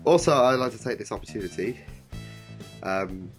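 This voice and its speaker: A man's voice: fairly low pitch, expressive, moderate pace, soft background music. A man co-hosting a casual podcast, rambling and hesitant with many ums. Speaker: podcast co-host.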